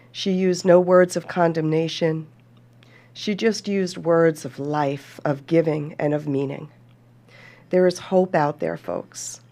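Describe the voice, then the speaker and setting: The podcast host is a woman whose voice sits on the low side, darkish in tone with vocal fry. Heartfelt and earnest, she speaks to her listeners as folks and reads scripture out loud.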